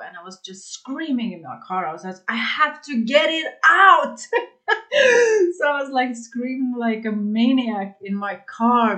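Confessional woman hosting a solo podcast. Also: medium pitch. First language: not English. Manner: raw and confessional, with frequent likes and ums and bursts of laughter. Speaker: astrology podcast host. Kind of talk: candid solo podcast monologue.

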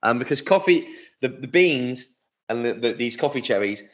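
A man's voice: mid-range voice, animated, normal speed, fairly bright tone, highs cut off. A man co-hosting a podcast, chatting casually and rambling through word origins. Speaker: podcast co-host. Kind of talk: casual chat.

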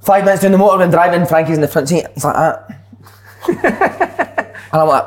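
A man's voice: on the high side, expressive, normal speed, pauses often, slight background noise. A young man with a Scottish accent, co-hosting a podcast and telling a rude, sweary story between laughs. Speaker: podcast co-host. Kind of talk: casual banter.

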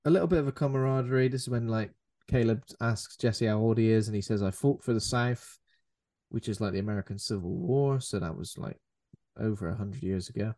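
A man's voice: on the low side, fast, dark tone. A man chatting casually about a film, laughing often and voicing comic quotes.

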